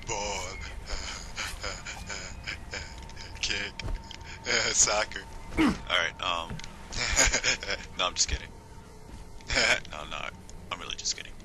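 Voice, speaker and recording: A man's voice: drawn-out words, pauses often, noisy background. Joking, swearing man commenting on a game. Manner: joking, swearing, bursts into high shrieking voices. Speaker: gameplay commentator. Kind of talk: casual let's-play commentary.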